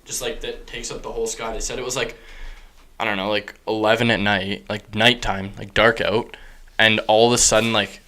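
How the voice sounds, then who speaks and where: Young male podcast host; casual rambler, fairly low register. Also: flat delivery, moderate pace, bright, forceful tone. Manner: rambling, heavy use of "like". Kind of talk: casual chat.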